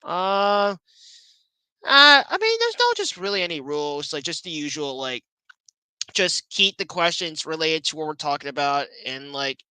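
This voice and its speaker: A man's voice: fairly high pitch, big pitch swings, moderate pace, pushed and bright, clear, resonant tone, dry recording, low-quality recording. A man joining a live stream as a guest, chatting casually and teasing the host. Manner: teasing, joking, laid-back. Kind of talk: casual livestream chat.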